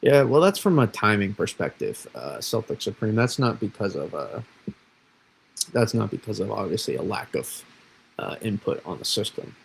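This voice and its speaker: A man's voice: on the low side, very animated, normal speed, creaky, slight background noise, low-quality recording. A man from Massachusetts, an amateur weatherman, rambling casually through forecast models on a livestream. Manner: rambling, self-deprecating, restarts often. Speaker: weather streamer.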